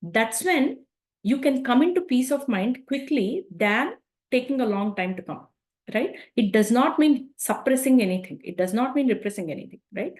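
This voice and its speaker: A woman with a fairly high voice talks through a self-help lesson, conversational and unscripted. She keeps checking in with her listeners through tag questions. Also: lively intonation, moderate pace, a little mellow. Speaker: speaker on emotions. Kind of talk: spoken self-help talk.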